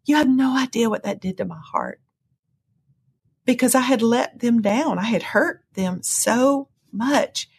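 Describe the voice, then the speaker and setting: A woman's voice: a little slow, vocal fry, a little mellow, husky. A woman telling an emotional personal testimony as an interview guest, earnest and storytelling. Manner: earnest storytelling, swings to high cries when reliving moments.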